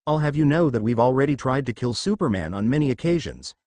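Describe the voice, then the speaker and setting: A man's voice: mid-range voice, lively intonation, quick pace, darkish tone, no echo, lightly acted. A man voicing a condescending billionaire villain in a story reading. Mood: smug. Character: smug male billionaire villain.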